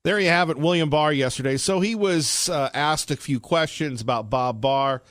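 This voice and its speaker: A man's voice: fairly high pitch, moderate pace, fairly bright tone, dry recording, studio quality. A male talk radio host, joking and dropping sarcastic asides.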